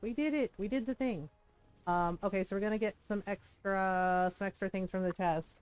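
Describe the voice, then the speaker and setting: A woman's voice: mid-range voice, moderate pace, darkish tone, clean tone, soft background music. A woman streamer telling a rambling story in casual chat while she plays, giggling often. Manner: chatty, giggly, rambling with restarts. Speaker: game streamer.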